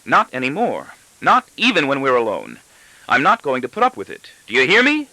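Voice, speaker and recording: Guy reading as shrill angry wife, high and pushy, dry close sound. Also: wildly swooping pitch, takes it slowly, pushed and bright, no echo, heavily acted, poor audio. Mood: shrill indignant. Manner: shrill, vehement. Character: shrill, indignant middle-aged wife.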